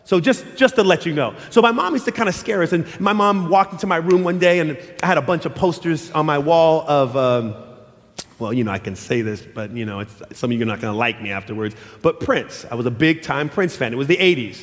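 A middle-aged man preaching a sermon as pastor, telling stories and acting out quotes in shifting voices. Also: fairly quick. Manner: animated, acts out quotes in high and low voices. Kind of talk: sermon with storytelling. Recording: long hall reverb.

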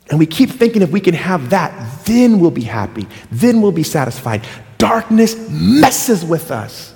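A male pastor preaching an animated sermon, telling stories and doing voices. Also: a little high. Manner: animated, storytelling, with voices and asides. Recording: long hall reverb.

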